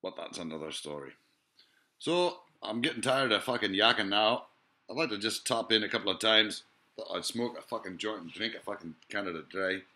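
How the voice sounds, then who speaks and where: A fairly low, sharp-toned male voice moves a little fast through a rambling, foul-mouthed monologue. He stumbles with hesitations and fillers, wanders between thoughts, and keeps asking rhetorical questions.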